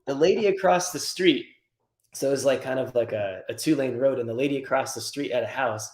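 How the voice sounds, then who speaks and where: A man in a roomy, echoey space tells a rambling shop story with plenty of swearing and animated energy. His pitch sits in the middle for a man, and the delivery stays conversational. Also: a little fast. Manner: profane, animated anecdote-telling. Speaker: guest, car tuner. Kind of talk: casual storytelling.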